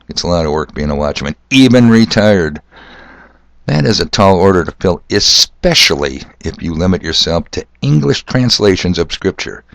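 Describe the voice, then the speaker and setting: A man's voice: low voice, dry recording. An older man hosting a solo podcast, talking in a sardonic, ranting way. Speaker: podcast host. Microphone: corded mic.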